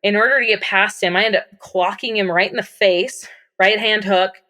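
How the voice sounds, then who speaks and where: A woman's voice: mid-range voice, steady tone, normal speed, bright, forceful tone. A young woman guest on a podcast, candidly recounting a personal story in a casual way with many fillers.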